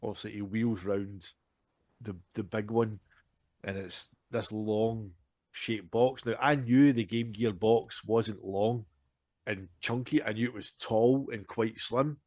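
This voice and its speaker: A man, telling a lively, self-deprecating story on a casual podcast. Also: on the low side, slow pace, dry recording, studio quality. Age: 40s. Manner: animated, self-deprecating, frequent restarts and laughter. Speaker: podcast co-host.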